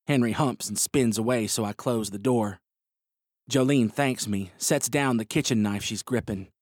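Man reading a western story out loud, mid-pitched, steady and expressive, dry close mic. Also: moderate pace, no echo. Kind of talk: first-person story reading.

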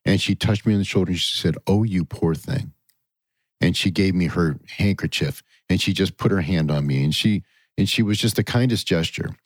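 Very deep-voiced male host. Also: brisk, no room sound. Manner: friendly, conversational, uses "you know" and "dude". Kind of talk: casual podcast conversation.

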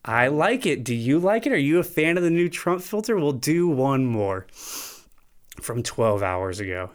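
A man's voice: mid-range voice, measured pace. A man hosting a podcast in a loose, jokey rant, swearing freely and getting worked up. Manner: animated, profane, jokey. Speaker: podcast host. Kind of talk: casual comedic rant.

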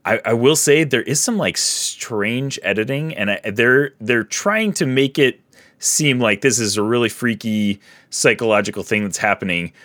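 A man's voice: medium pitch, expressive, normal speed, fairly bright tone, no room sound. A young man co-hosting a podcast, reviewing a show in a rambling, filler-heavy casual chat. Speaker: podcast co-host.

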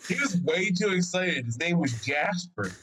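The audio is poor, and the man's voice sits high with a breathy edge at a normal speed. Co-hosting a podcast, he recounts a story in loose, profane talk, animated as he acts out people's quotes.

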